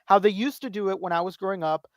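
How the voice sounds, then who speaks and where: A man's voice: high voice, fast, dry recording, clean studio sound. A man in his thirties co-hosting a podcast, telling rambling stories, swearing freely and acting out quotes. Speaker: podcast co-host. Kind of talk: casual chat.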